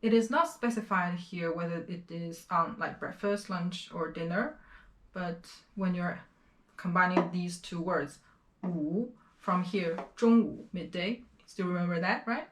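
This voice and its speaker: A woman from China teaching a beginner Chinese lesson, explaining words slowly and repeating each pronunciation several times. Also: fairly low pitch, fairly bright tone, roomy sound. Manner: slow, careful explanations with repeated pronunciation drills.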